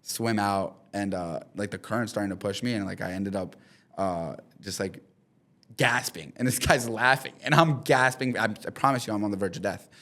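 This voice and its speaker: A young man in his twenties, a podcast guest, chatting casually and telling an animated story full of fillers. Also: lowish voice, moderate pace. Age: 20s. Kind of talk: casual chat. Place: studio in the city.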